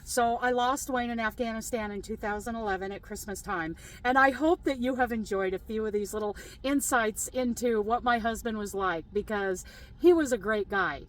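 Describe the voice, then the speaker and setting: A woman's voice: on the high side, moderate pace, low-quality recording. Chatty woman crochet vlogger. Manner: chatty, laughs often while telling stories. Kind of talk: casual chat to camera.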